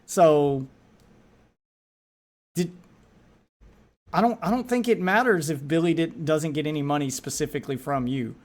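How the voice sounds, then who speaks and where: A high-pitched man talks over a clip as a streamer, casual and exasperated. He stumbles and repeats words when he gets worked up. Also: unhurried, pauses often. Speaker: streamer reacting to a video. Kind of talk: casual reaction commentary.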